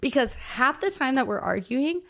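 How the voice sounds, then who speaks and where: A woman's voice: high-pitched, lively intonation, normal speed, creaky, fairly bright tone. A woman chatting casually on a podcast, her thoughts spilling out in loose, looping sentences full of "like" and false starts. She speaks into a close podcast mic, co-hosting with a friend. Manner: rambling, heavy use of "like", frequent restarts. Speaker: podcast co-host. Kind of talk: casual chat.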